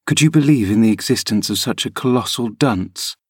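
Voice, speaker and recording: A man's voice: medium pitch, brisk, slightly rough, dry recording, studio quality, natural voice. Brief: man voicing a spiteful sickly teen boy, prim sneer, near the reader's own voice. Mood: taunting. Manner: taunting and prim.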